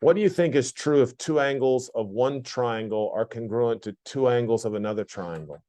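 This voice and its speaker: This classroom lecture features a male math teacher whose mid-range voice has a dark tone and a moderate pace. Going through geometry, he's plainspoken and repetitive, frequently quizzing his students.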